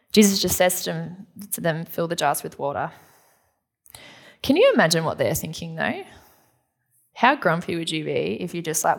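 A woman pastor delivers a sermon in an earnest, conversational tone. Her voice sits a little low for a woman. She slips into casual acted-out quotes as she preaches. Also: gravelly.

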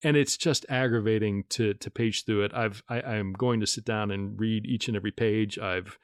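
Measured man explaining legal points, dry. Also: lowish voice, fairly even intonation, smooth, no echo. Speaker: podcast co-host. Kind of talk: casual explanatory podcast chat.

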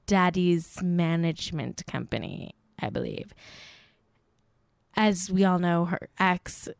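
A woman's voice: fairly low pitch, no echo. Young woman podcast host, casual celeb-gossip chatter, self-deprecating and a bit profane, close dry recording. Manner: chatty, self-mocking, swears, lots of "like".

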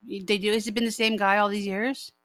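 A mid-pitched woman co-hosts a casual podcast chat, and her voice sounds dry and close to the mic. She reacts with short questions and laughs easily. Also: little pitch movement, fairly bright tone, no echo. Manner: responsive listener, quick to laugh. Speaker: podcast co-host.

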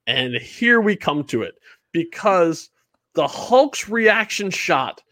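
A man's voice: high-pitched, slow pace, no room sound, clean studio sound. A man co-hosting a casual podcast chat about a film, acting out what characters seem to say. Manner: animated, acts out characters' expressions with mock voices. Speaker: podcast co-host.

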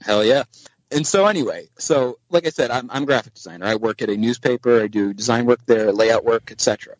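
A man's voice: medium pitch, fast, no echo, rough recording. A man guest on a podcast, telling a long anecdote in casual chat and acting out the dialogue in different voices. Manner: animated anecdote teller, acts out dialogue in voices.

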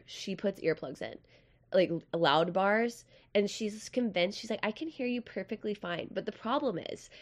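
A young woman hosting a podcast in casual, chatty, self-deprecating talk, with a nasal voice. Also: lowish voice. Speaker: podcast host.

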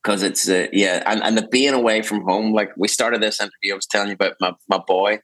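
A man's voice: fairly low pitch, steady tone, fast talker, fairly bright tone, no echo, poor audio. Rambling Northern Irish man on a video call. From Northern Ireland. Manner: rambling, self-interrupting, laughs easily. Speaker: singer-songwriter guest. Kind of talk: casual interview chat.

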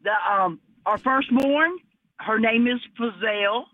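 Woman, radio caller, high voice, dry tinny phone line, excited and stumbling. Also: measured pace, no echo. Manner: excited, stumbling restarts, laughing. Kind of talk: casual phone call.

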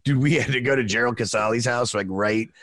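Male podcast host, relaxed and foul-mouthed, mid pitch, dry booth sound. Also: brisk, no room sound. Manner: loose, profane, says "dude" a lot. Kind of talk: casual chat.

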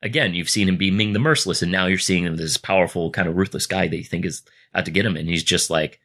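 Man, podcast co-host, casual chat, excitable, rambling, slightly low voice, bright forceful tone. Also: fast talker.

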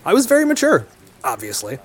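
Brief: young man telling his story, animated, slightly high voice. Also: a little fast, slightly rough. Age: young adult. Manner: relaxed, wry, laughs easily. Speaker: interviewee. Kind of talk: conversational interview.

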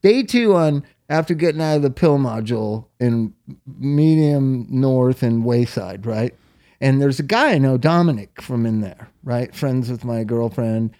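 A man's voice: mid-range voice, lively intonation, measured pace, warm tone. Profane rambling storyteller, a man. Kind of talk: casual chat.

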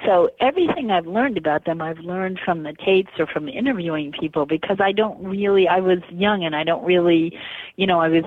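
A woman's voice: on the low side, brisk, no room sound. A woman author as an interview guest, talking at length in a conversational way with lots of fillers. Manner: talkative, digressive with many fillers. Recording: tinny phone line.

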